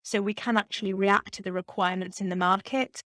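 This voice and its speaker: A woman's voice: mid-range voice, fairly even intonation, brisk, fairly bright tone, no room sound. Woman, Geordie accent, chief executive guest, upbeat and businesslike, dry close sound. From Newcastle, England. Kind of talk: business podcast interview.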